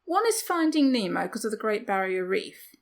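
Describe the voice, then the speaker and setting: Woman cohost, chatty, pokes fun at herself, asks lots of little rhetorical questions, middle pitch. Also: sing-song, normal speed. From United Kingdom. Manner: chatty, self-deprecating, rhetorical asides. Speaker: podcast co-host. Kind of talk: casual chat.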